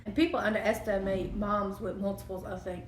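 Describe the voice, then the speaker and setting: A woman guest chatting casually while eating and speaking in a soft, agreeable way. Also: medium pitch, flat delivery, brisk. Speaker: guest, fellow channel host. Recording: roomy with loud background noise.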